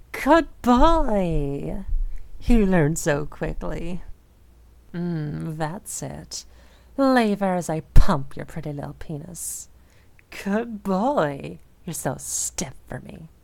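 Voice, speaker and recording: A young woman voicing an obsessive, possessive dominant woman in an audio role-play, speaking in a soft, slow, teasing murmur. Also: on the low side, lively intonation, gravelly, no echo, full character voice. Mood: possessive, crooning.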